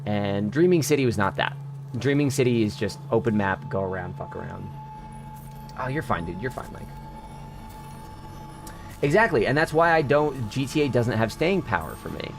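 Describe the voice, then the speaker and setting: A man's voice: mid-range voice, expressive, moderate pace, vocal fry, long pauses, music in the background. A man streaming a video game, chatting casually and swearing freely with friends and viewers. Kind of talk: casual live-stream chat while gaming.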